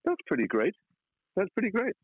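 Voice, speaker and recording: A man's voice: high voice, huge pitch swings, a little fast, breathy edge, narrow, tinny audio. A man, an actor guest in a casual interview, telling stories playfully with mock outrage.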